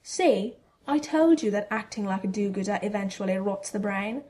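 A woman's voice: medium pitch, lively intonation, normal speed, dark tone, natural voice. Snobbish teen boy rival wizard, read by a woman, drawling, condescending. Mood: haughty.

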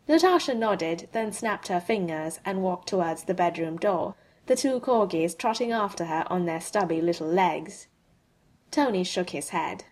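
A woman reading a fan-written story aloud as an audiobook, in a steady, even storytelling manner. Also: fairly low pitch, moderate pace. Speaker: audiobook reader. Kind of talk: fanfic audiobook narration.

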